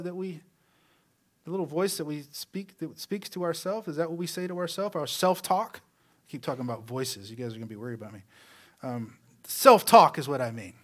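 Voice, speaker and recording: A man delivers a conversational sermon as a pastor, posing rhetorical questions and letting his voice soften as each phrase trails off. His pitch runs a little high.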